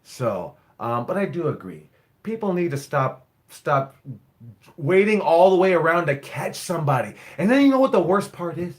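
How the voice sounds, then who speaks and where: A man's voice: fairly high pitch, big pitch swings, normal speed. A man in his forties, a wrestling coach, rambling bluntly and swearing freely in a casual live stream. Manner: blunt, profane, rambling storyteller. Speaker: wrestling school owner and head coach.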